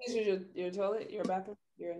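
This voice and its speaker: A woman co-hosting a casual podcast, chatting and laughing in an expressive way. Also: mid-range voice, fast talker, highs cut off. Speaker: podcast co-host. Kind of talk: casual debate chat.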